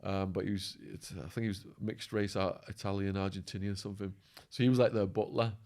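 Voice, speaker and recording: A man telling prison stories as a podcast guest, acting out quotes and laughing, his voice going hoarse. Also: sits low, fairly quick. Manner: animated storyteller, acts out quotes, laughs. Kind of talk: storytelling interview.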